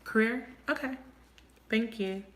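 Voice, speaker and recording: A woman giving a live tarot reading, thinking aloud and asking quick, emotive questions. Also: fairly high pitch, a bit bright. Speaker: tarot reader. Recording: echoey room, faint noise.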